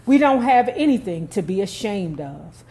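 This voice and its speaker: A woman's voice: mid-range voice, big pitch swings, normal speed, mellow. A bitter, wronged manager, read by a woman. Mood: aggrieved. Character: aggrieved middle-aged male manager, bitter and hurt.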